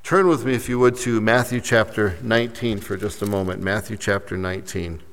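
A man's voice: fairly low pitch, fairly quick. Man preaching in a reverberant hall. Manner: preaching with rising emphasis and soft drops. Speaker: pastor. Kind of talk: sermon. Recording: long reverb of a large hall.

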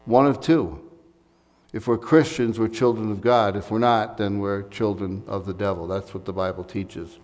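A man's voice: on the low side, fairly even intonation, normal speed, darkish tone, long reverb tail. An American man preaching a sermon in a conversational way, with fillers and asides, recorded in a church sanctuary. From United States. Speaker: pastor.

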